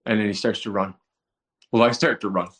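A man telling an emotional personal testimony in a plain-spoken way, acting out his own prayers aloud and swinging between low murmurs and high excited outbursts. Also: brisk. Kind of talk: emotional storytelling.

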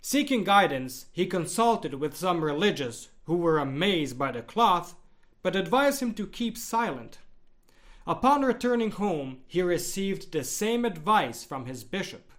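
Lively, higher-voiced male storyteller. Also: a little slow. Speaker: narrator. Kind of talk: scripted narration of a devotional story.

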